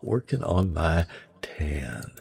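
Tired dude dj, super husky voice, slow rambly chat between songs. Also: male voice, very deep voice. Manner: relaxed, rambling, greets chat viewers. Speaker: radio or stream DJ. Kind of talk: laid-back music show patter.

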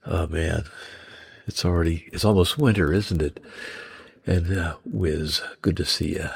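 A tired man hosting a music stream, chatting between tracks and greeting viewers in the chat in a relaxed, rambling way. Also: low voice, creaky, husky. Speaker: radio or stream DJ. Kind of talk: laid-back music show patter.

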